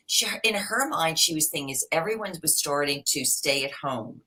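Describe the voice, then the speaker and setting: Female panelist, deep but bright voice, lively storyteller on a video call. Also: moderate pace, hardly any pauses. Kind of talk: live panel discussion.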